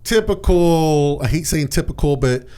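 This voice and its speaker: A man's voice: on the high side, expressive, moderate pace, dark tone. A man, the podcast guest, telling personal stories in a casual, candid way, swearing and dropping "man" and "dude".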